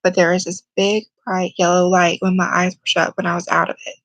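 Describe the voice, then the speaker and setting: A young woman speaks quietly and haltingly, holding back tears as she tells a personal story to camera. Her voice stays flat and level, with little rise or fall. The sound is dry and close, with no room echo. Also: on the low side. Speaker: vlogger.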